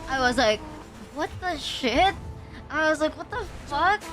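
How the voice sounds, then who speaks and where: A woman's voice: high voice, animated, a little slow, a bit bright, faint music behind. A young woman streamer from the Philippines, rambling through a story in casual chat, swearing often and saying "like" a lot. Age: young adult.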